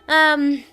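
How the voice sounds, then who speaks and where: A woman in her twenties chatting casually on her stream, telling a story with lots of giggles and excited exclamations. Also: high-pitched. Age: 20s. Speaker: VTuber streamer.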